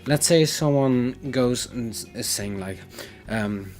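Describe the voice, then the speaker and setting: A man's voice: mid-range voice, slow, a little mellow, faint music behind. A man with a Dutch accent teaching his language on a casual livestream, rambling and correcting himself as he explains with examples.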